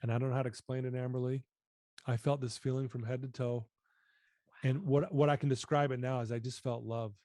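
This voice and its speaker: Guy on a podcast telling his story, earnest, mellow low-key tone, dry close sound. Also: level tone, brisk, no room sound. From United States. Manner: earnest, reflective, often drops voice. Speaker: podcast guest. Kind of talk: personal storytelling.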